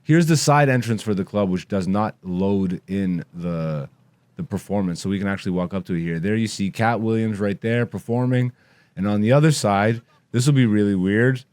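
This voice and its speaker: A man in his thirties, a comedian hosting his podcast, chatting casually and rambling in a relaxed, self-deprecating way. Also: on the low side, moderate pace. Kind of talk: casual podcast chat over gameplay.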